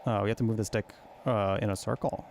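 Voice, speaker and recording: A man's voice: fairly low pitch, steady tone, fast talker, darkish tone, a little hiss or hum. A man giving playful, goofy let's-play commentary while reading game text aloud. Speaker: gaming streamer.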